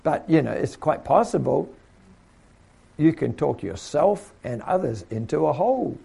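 Gravelly male preacher, husky and mellow, chatty sermon delivery. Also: a little high, unhurried. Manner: conversational and animated, with repeats and acted quotes.

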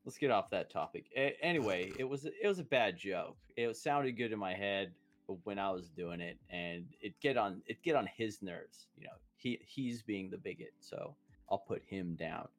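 A man's voice: fairly low pitch, expressive, moderate pace, soft background music. A young man with a slight lisp co-hosting a podcast, rambling in crass, self-deprecating banter. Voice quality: slight lisp without retainers. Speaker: podcast co-host. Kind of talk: casual podcast chat.

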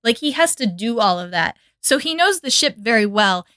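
A young woman co-hosting a podcast in casual chat, animated and laughing often as she acts out scenes. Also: a little high, normal speed, dry recording, studio quality. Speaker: podcast co-host.

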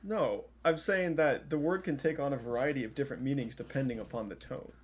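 A man's voice: medium pitch, a little fast, slightly rough. A man doing comedic freestyle raps, then earnestly defending his lyrics in playful banter.

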